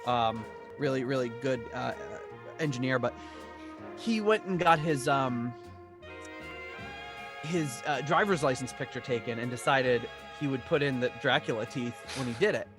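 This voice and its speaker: A man's voice: medium pitch, normal speed, over music. A man co-hosting a podcast in easygoing chat, rambling with many restarts. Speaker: podcast co-host.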